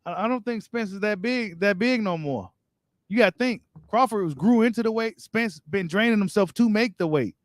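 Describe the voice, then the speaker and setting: On a boxing live stream, a man with a fairly high voice reads out viewer comments and answers them at a moderate pace, talking straight to his audience in loose, casual slang. The recording is close and dry, with no room sound at all.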